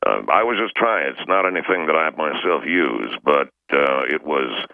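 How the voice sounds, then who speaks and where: Man, very deep, gravelly, halting and formal, tinny phone line, dry sound. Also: lively intonation, dry recording. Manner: halting, stiffly formal, full of uhs. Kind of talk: comic phone-in banter.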